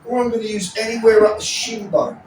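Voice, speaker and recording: A man's voice: high-pitched, lively intonation, a little fast, darkish tone, recorded from a distance, a little hiss or hum. A man teaching self-defense moves, blunt and profane, often checking in with the listener. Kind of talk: demonstration teaching. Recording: echoey room, off mic, faint ambience.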